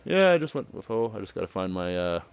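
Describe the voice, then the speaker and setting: A man's voice: deep voice, big pitch swings, quick pace, creaky, over music. A man giving loose, chatty commentary on a game he plays, laughing often and summing up the characters' lines. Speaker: let's play commentator. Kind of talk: casual gameplay commentary.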